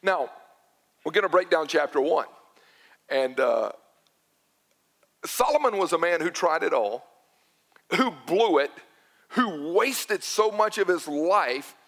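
A man's voice: fairly high pitch, expressive, slow, long pauses, a bit bright, in a large hall. A man preaching a sermon to his congregation, telling stories and pressing his points with repeated phrases. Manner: storytelling, emphatic with repeated phrases. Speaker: pastor. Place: church sanctuary.

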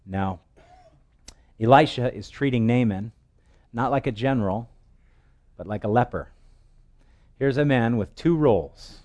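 A male pastor preaching an expository sermon, telling the scripture story in a lively way and acting out its voices. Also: medium pitch, unhurried, long pauses.

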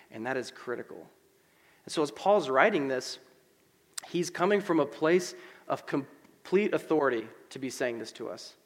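Guy preaching, chatty and animated, lots of um and like, echoey big room. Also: a little high, normal speed. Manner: conversational, animated with asides and fillers. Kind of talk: sermon. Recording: long hall reverb.

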